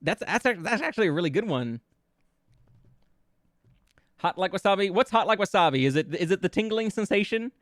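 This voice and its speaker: Expressive and quick with hardly any pauses, a high-voiced man streams as a VTuber, playfully brainstorming song lyrics with his viewers, giggling frequently and stammering as he restarts. It's casual live-stream chat, captured in clean studio sound with no echo.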